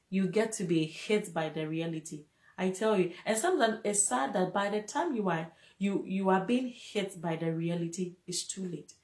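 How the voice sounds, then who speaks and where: A woman hosting a casual live-stream talk, speaking emotionally and preachily and laughing often. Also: mid-range voice. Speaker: host. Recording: echoey room.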